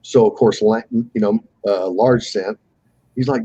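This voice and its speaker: A man's voice: fairly low pitch, steady tone, moderate pace, dark tone, slightly rough, dry recording, lo-fi sound. A man telling a fishing story on a live call, casually and with animation, swearing freely and acting out the voices of the people he quotes.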